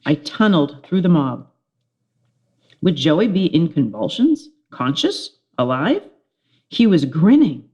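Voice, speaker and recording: A woman's voice: low voice, takes it slowly, highs cut off. Woman reading a children's chapter book aloud. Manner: expressive storytelling with character voices.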